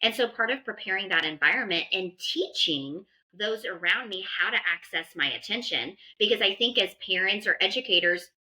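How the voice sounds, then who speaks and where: A woman in conversation with a bright, forceful voice, explaining how adults shape children's behavior. She talks earnestly and in detail, at a mid pitch. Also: poor audio. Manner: earnest, explanatory, acts out parent praise lines. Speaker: guest behavior analyst. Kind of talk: conversational advice in a podcast.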